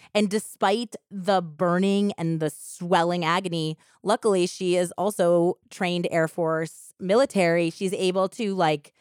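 A woman with a somewhat low voice co-hosts a podcast and retells a true crime case in a lively, casual way. She fills her talk with "like" and acts out what the people said. The sound is dry and close. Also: clean tone, dry recording. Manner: animated retelling with lots of "like" and quoted voices. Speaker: podcast co-host. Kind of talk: true crime storytelling chat.

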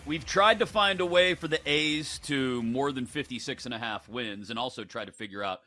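A man hosting a sports betting talk show, animated, joking and opinionated. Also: medium pitch, moderate pace, soft background music.

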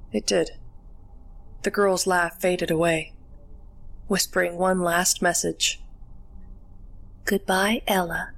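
A woman narrating a first-person horror story in a steady, measured storytelling manner. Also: lowish voice.

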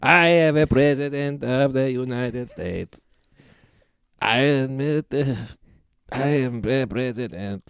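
A man's voice: mid-range voice, slow pace, gravelly, clean tone, no room sound, clean studio sound. A man playing a stiff, hesitant male president in an improv comedy bit, repeating himself. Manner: hesitant, repetitive.

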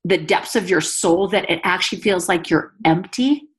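A mother talking as a guest offers a heartfelt, emotional testimony about her life. Her voice sits on the low side, and she keeps a moderate pace.

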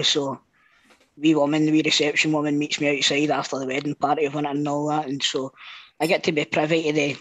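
A Scottish man co-hosting a podcast, swearing freely and telling lively anecdotes. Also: fairly high pitch, no room sound, low-quality recording. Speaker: podcast co-host. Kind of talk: casual chat, storytelling.

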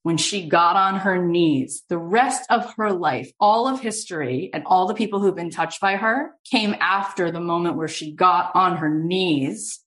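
A woman host and coach telling an inspirational story in an animated way, acting out the quotes. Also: on the low side, measured pace, few pauses.

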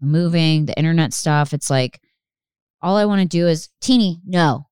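Young woman podcast host, low smooth voice, dry close sound, rambling, swears a lot. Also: normal speed, a little mellow, no echo. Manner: rambling, swears freely, many fillers and restarts. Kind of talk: casual solo podcast chat.

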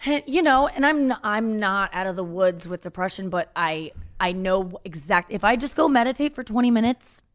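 A woman's voice: medium pitch, expressive, normal speed. A woman talking candidly as a comedian guest in a podcast conversation, frank and self-deprecating, rambling with many restarts.

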